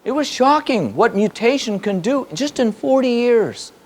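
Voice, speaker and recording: A man's voice: very high voice, expressive, measured pace, darkish tone. A man giving a spoken teaching to a live audience, emphatic and repetitive, firing off rhetorical questions. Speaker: spiritual teacher. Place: hall in front of an audience.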